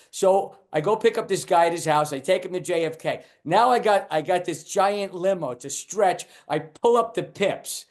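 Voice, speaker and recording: An older man recounts his comedy days in lively anecdotes. His voice sits a touch high for a man. He restarts his sentences often and acts out the quotes. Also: normal speed, hardly any pauses. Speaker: guest comedian. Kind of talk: storytelling in a casual chat.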